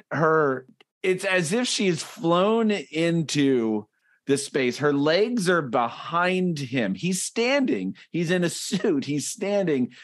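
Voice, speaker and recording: A man co-hosting a comedy podcast over a call, sarcastically describing comic strip panels with frequent restarts. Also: on the high side. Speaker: podcast co-host. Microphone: remote call.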